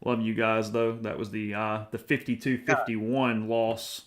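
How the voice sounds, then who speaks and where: A man's voice: on the low side, level tone, a little slow. A man hosting a postgame show who chats casually and reads out viewer comments. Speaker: host.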